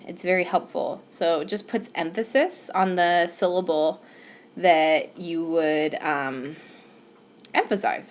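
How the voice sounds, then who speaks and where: A woman teacher explaining a recorded whiteboard lesson patiently, with some fillers. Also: lowish voice. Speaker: Spanish teacher. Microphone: tablet microphone.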